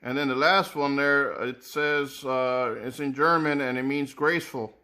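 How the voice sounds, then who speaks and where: A man's voice: mid-range voice, steady tone, unhurried, sharp tone. A man casually reviewing sneakers, thinking aloud with many repeated words and restarts. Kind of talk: casual unboxing commentary.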